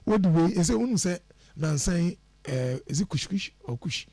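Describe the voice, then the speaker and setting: A man speaking as a guest on a radio show, giving lively, preachy advice on how to order your life and mixing English phrases into his speech. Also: a little high, normal speed, no room sound. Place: radio studio.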